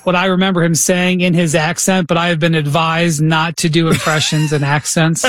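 High-voiced man teasing as host. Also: level tone, normal speed, fairly bright tone, no echo, studio quality. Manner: playful, teasing asides. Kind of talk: casual chat.

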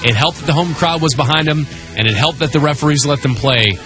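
A man hosting a sports radio show, talking in an animated way and reading ad copy briskly. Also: a little high, music in the background. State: losing his voice.

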